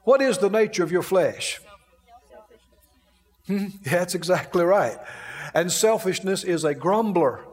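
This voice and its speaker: A man's voice: high voice, expressive, unhurried, long pauses. A man preaching a sermon in a playful way, with his own laughter between points. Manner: playful, mimics grumbling, laughs often. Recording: long hall reverb.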